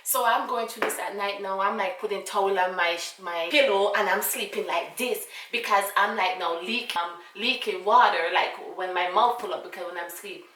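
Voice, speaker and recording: A woman with a Jamaican accent telling a casual storytime, animated and full of fillers and asides. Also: mid-range voice, moderate pace, few pauses, recorded from a distance, slight background noise. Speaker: vlogger. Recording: roomy, away from mic.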